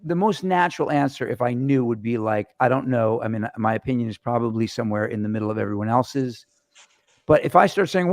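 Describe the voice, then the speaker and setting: A man hosts a loose chat, his voice gravelly with fry and picked up dry and close. He rambles from story to story, animated and profane, at a middling pitch. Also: fairly quick, no echo. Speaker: host. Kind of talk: casual chat. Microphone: webcam or phone camera mic.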